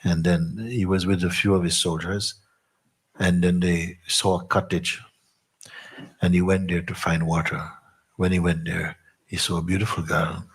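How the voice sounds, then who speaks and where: A man giving a spiritual talk, telling a story in an unhurried, playful way. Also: low-pitched, flat delivery, breathy edge. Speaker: spiritual teacher.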